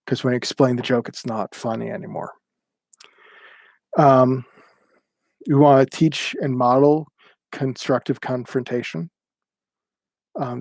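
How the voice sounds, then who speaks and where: A man teaching a livestreamed class, speaking in a plainspoken, halting way with many ums and restarts. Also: a little mellow, no room sound. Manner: plainspoken, acts out quoted remarks with raised pitch. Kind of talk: livestreamed talk.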